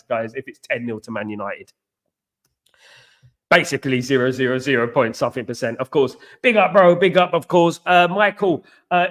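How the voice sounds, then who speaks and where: A man's voice: on the high side, fairly bright tone. A man hosting a football live stream, chatting with viewers, greeting them by name and leaning on stock phrases. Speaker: football channel host. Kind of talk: live stream chat answering viewer comments.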